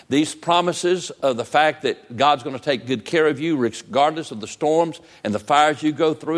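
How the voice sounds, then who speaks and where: An older man preaching a sermon, telling folksy stories with an earnest, gently urgent manner. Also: medium pitch. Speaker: pastor.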